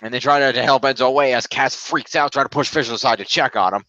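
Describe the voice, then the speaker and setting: A man of middle pitch recaps wrestling for a casual podcast, stringing events together in quick run-on summaries. His voice comes through a slightly dull, lo-fi mic, close and dry. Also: sharp tone, no room sound.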